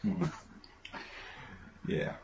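A man's voice: drawn-out words, darkish tone. A man co-hosting a casual chat about TV shows, talking loosely, swearing and laughing often. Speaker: podcast co-host. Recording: roomy, dull lo-fi sound with faint noise.

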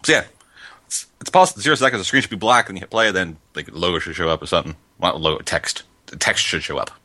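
A man hosting a casual movie commentary track, excitable and crude, laughing often. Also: deep voice, quick pace, no echo. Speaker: podcast host.

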